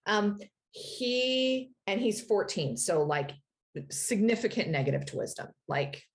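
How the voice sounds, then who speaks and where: A woman's voice: mid-range voice, big pitch swings. A woman narrating as game master in a casual, filler-heavy way. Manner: casual, many fillers, quick to laugh.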